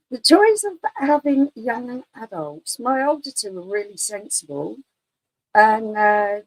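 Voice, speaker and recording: A woman's voice: fairly high pitch, dry recording, poor audio. A middle-aged woman, a mother of young adults, chatting bluntly in a casual way. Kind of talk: casual chat.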